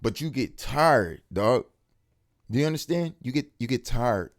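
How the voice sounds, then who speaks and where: A man's voice: medium pitch, unhurried. Hyped man giving a slangy testimony. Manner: excited, street slang, repeats words for emphasis. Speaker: religious video speaker. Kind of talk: casual faith testimony to camera.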